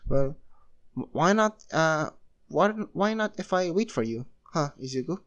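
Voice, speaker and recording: A man's voice: on the high side, expressive, unhurried, highs cut off. A man doing a cheerful, rambling devil friend. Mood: friendly. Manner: rambling, filler-heavy.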